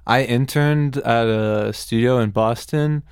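A man co-hosting a podcast in casual chat, relaxed, laughing along and giving short reactions. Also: mid-range voice, takes it slowly, clean tone, no echo, clean studio sound.

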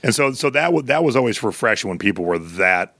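A man's voice: fairly low pitch, quick pace, gravelly, no room sound. A middle-aged man co-hosting a podcast, telling stories in casual chat and acting out the people in them. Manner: storytelling, animated quoted voices. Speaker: podcast co-host.

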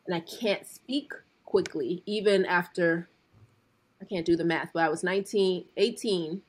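A woman in her forties with a husky, slightly breathy voice, speaking in a casual podcast chat. She sits a little low in pitch and talks slowly and deliberately, as if weighing each word. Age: 40s. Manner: slow, deliberate speech. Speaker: podcast co-host. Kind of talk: casual conversation.

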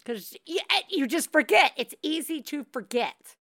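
A woman's voice: sits high, animated, unhurried, sharp tone, no echo, clean studio sound. A woman hosting a podcast, reassuring a caller in a loose, laughing, rambling way with many fillers. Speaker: podcast host. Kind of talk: casual advice chat.

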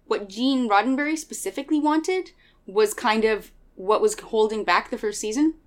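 A woman in casual chat as a podcast co-host, retelling scenes with lively quoted voices. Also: fairly high pitch. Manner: animated storyteller, acts out scenes with quick quoted voices.

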